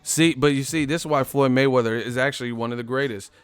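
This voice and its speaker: A man hosting a boxing live stream in casual chat, animated, swearing freely and laughing a lot. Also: medium pitch, quick pace, clean tone, no room sound, soft background music.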